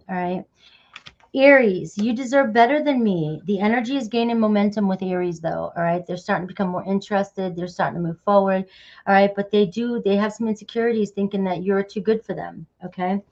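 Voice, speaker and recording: A woman's voice: mid-range voice, a little mellow, lo-fi sound. Chatty woman giving a tarot reading. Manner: chatty, frequent "all right" and "okay". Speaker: tarot reader. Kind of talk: casual tarot reading to camera.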